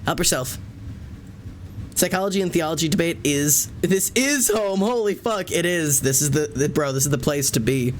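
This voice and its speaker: A man's voice: on the high side, lively intonation, normal speed, a little hiss or hum. A young adult man streaming live from home, chatting casually and rambling jokily with his viewers and his cats.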